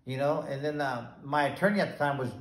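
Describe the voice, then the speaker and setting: A man in his sixties, a retired boxer, telling stories in a casual, animated way and acting out the voices of the people he quotes. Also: medium pitch, quick pace. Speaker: retired boxer, podcast guest. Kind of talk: casual storytelling. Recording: roomy echo.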